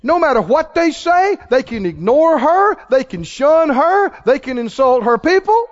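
A man preaching a sermon who rises into shouts and calls out questions to the congregation. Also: extremely high pitch, very animated, measured pace, lo-fi sound.

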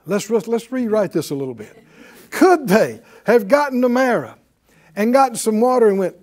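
A man teaching a Bible class in a preaching style, folksy and animated, chuckling often and leading the class in call-and-response. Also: sits high, normal speed.

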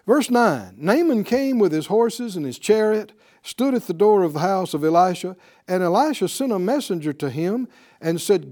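A man teaching a Bible class, telling the story in an animated way and chuckling often. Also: sits high, normal speed.

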